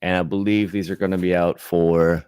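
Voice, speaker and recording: A man hosting a casual live-stream chat, rambling and relaxed, with frequent restarts and fillers. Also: sits low, normal speed, clean tone, no echo, clean studio sound. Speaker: gaming channel host.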